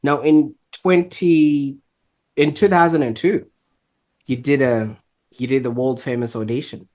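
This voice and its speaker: A man hosting an interview podcast, asking questions haltingly and repeating words as he builds them. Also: medium pitch, steady tone, a little mellow. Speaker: podcast host.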